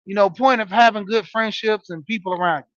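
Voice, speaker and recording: A man in his forties with a high voice talks straight to his listeners, telling a story in a loose, casual monologue full of "you know"s. The sound is dry and a little dull, with no room around it. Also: fairly quick, a bit bright, no room sound. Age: 40s. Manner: storytelling, talking straight to listeners with frequent fillers. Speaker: podcast host and wrestling coach. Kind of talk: casual monologue, greeting live chat.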